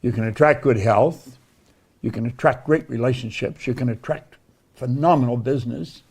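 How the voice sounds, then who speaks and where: A man's voice: medium pitch, normal speed, darkish tone, breathy edge. A man giving a motivational talk, telling stories in an earnest way. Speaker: motivational speaker.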